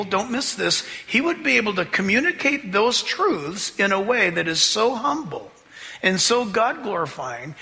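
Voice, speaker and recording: A man preaching a sermon in a church, emphatic and animated, slowing down to read scripture and breaking into mocking voices. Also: high-pitched. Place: church sanctuary. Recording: long reverb of a hall.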